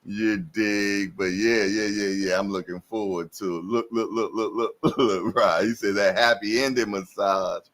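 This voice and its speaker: Chill older dude in his 50s talking slow to his stream chat, low voice, lots of slang. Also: steady tone, fairly bright tone. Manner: laid-back slang, repeats "man" and "yes, indeed"; laughs often between lines. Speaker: live stream host. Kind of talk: casual chat with live chat viewers.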